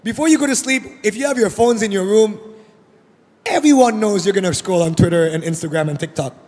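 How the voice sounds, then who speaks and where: A man speaking on a panel, addressing the audience directly in a lively way and often repeating words. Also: sits high, fairly quick. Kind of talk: conversational panel talk. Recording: long reverb of a large event hall.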